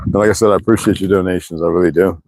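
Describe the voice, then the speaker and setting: A man's voice: low voice, darkish tone, no echo, low-quality recording. A man in his sixties hosting a casual livestream, rambling and chatting directly to his viewers with frequent laughs. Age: 60s. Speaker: livestream host.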